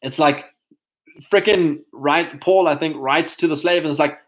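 A man with a South African accent, talking in a casual monologue, animated and mocking, breaking into put-on voices and laughs. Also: a little high, unhurried, poor audio. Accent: South African English.

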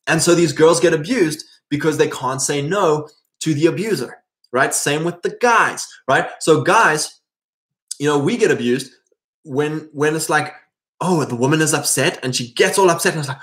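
A middle-aged man preaching in a loose, conversational way, his voice sitting a little higher than most men's. He keeps slipping into quick impressions of the people he talks about, then drops back to his own teaching voice. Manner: animated, acts out voices in quoted asides. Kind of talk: casual preaching talk.

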